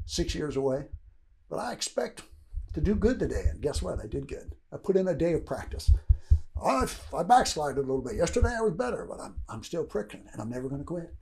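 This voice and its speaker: An older man from Kentucky gives a casual, rambling motivational talk. He keeps checking in with "right?" and chuckles between points. His voice sits a little high and swings widely in pitch. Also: creaky, dark tone. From Louisville, Kentucky, USA. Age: 60s. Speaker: motivational speaker.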